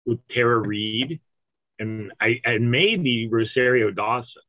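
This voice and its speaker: A man hosting a podcast in casual, joking chat, halting with fillers. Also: mid-range voice, no room sound, narrow, tinny audio. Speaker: podcast host.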